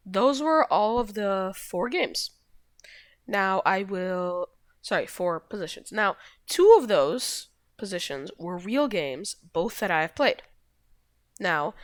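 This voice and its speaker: A woman's voice: mid-range voice, no echo. A woman casually walking through chess positions, rambling and correcting herself, shrugging off mistakes with a loose, offhand manner. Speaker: chess video host. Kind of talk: casual chess game walkthrough.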